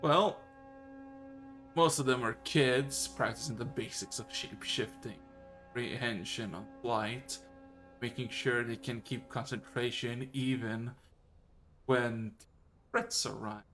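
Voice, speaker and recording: A calm, composed female halfling druid teacher, as a man puts her on, with a medium pitch and an unhurried, measured delivery. Faint music plays behind her.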